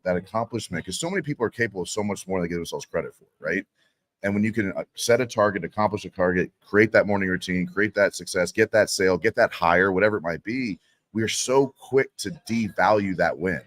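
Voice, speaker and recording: A deep-voiced man who talks fast, blunt and intense. He pushes his motivational points hard, speaking on a live podcast from a convention floor. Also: a bit bright, no echo. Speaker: guest speaker and consultant.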